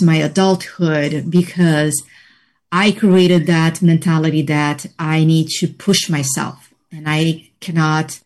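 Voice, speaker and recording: Female interview guest, unhurried and reflective, measured delivery with many pauses. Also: low voice, a little mellow. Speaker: interview guest, healing practitioner. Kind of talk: personal story in conversation.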